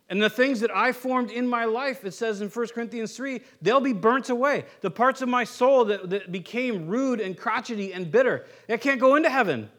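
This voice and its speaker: A man preaching a sermon as pastor, conversational and animated, with many asides and acted quotes, often dropping to a quieter, earnest tone. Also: extremely high pitch.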